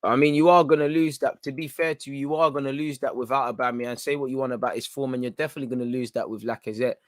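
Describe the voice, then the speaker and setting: A young man giving live, excitable reaction commentary on a football match as host of a fan watchalong. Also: mid-range voice, fast talker, no echo, studio quality. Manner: excitable, urgent, coaching the players.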